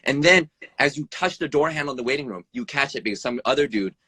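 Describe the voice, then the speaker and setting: Fast, blunt, swearing ER doctor. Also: male voice, breathy edge, no echo. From United States. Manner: blunt, swears freely, keeps adding "right?"; animated, pitch jumps up and down. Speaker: emergency room doctor. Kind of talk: interview over a live video stream. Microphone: phone or video call mic.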